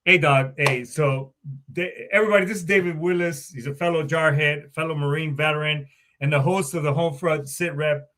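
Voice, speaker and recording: A man's voice: on the high side, fairly even intonation, moderate pace, fairly bright tone. A man hosting a veterans podcast, talking in a profane, rambling, jokey way with a Southern accent. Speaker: podcast host. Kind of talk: casual podcast chat.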